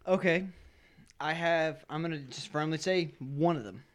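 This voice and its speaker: A man's voice: on the high side, moderate pace, a crowd in the background. A young man in casual chat among friends over a party game, playful and laughing often. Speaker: game player.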